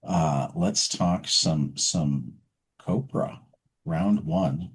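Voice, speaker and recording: A man's voice: a bass voice, very slow, slightly rough. A man co-hosting a comics podcast, speaking in an easygoing, hesitant way with restarts. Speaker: podcast co-host. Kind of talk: casual podcast chat.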